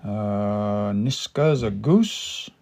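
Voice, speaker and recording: Gravelly man thinking aloud in a casual lesson. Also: lowish voice, extremely slow, a little mellow. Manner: thinks aloud with many fillers and restarts; sounds out words syllable by syllable. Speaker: Cree language teacher. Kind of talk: casual livestream language lesson.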